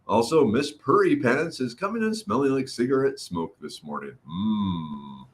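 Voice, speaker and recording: A man's voice: medium pitch, very animated, a little slow. A middle-aged man hosting a casual livestream, greeting viewers by name and chatting while his throat recovers. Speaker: livestream host. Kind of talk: casual livestream chat reading comments.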